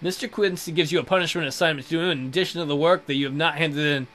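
A young let's play host with a slightly high voice talks at a quick pace. He reads the game's text, mocks it with sarcastic, profane commentary, and erupts into sudden loud outbursts.

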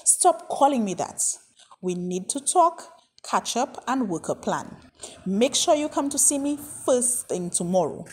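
A woman's voice: a little high, very animated, unhurried, slight background noise. A woman voicing a worried father who speaks firmly and emphatically. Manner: firm, emphatic. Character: worried grown father, firm and caring.

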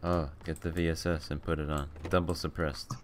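A man's voice: a bass voice, flat delivery, fairly quick, very noisy. A young man streaming a game, bantering and laughing casually with a friend. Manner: joking, laughing often. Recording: keyboard clicks behind voice.

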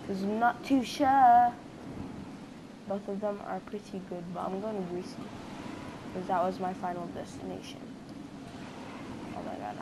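A woman hosting her own gaming channel and giving gameplay commentary from her home basement. She opens with a loud, excited intro, then drops to quiet muttering while she plays. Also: mid-range voice, noisy background. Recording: clear background music.

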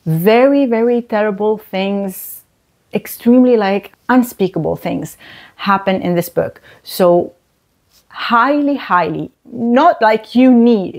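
A woman talks through her monthly reading at a slow, deliberate pace. Her voice sits at a medium pitch, and she stresses her points by repeating words, as in a casual book review video. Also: darkish tone.

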